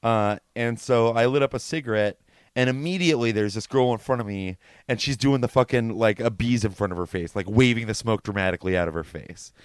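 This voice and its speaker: A man's voice: fairly low pitch, brisk, smooth, no echo, studio quality. A man co-hosting a podcast, telling concert stories in a casual, profane chat and laughing easily. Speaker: podcast co-host.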